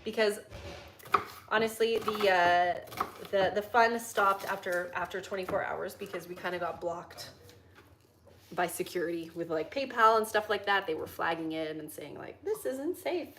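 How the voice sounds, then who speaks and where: A woman's voice: fairly low pitch, fairly even intonation, normal speed, a bit bright, a little hiss or hum. A young woman hosting a livestream, chatting casually with viewers while she cooks in her kitchen and reads out chat questions. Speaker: livestream host. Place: home kitchen.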